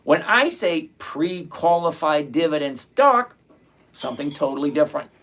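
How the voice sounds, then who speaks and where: Emphatic man hosting a trading stream. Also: a little high. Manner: emphatic, repeats key phrases, lectures; reads viewer comments aloud. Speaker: livestream trading host. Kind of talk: live stream, answering chat.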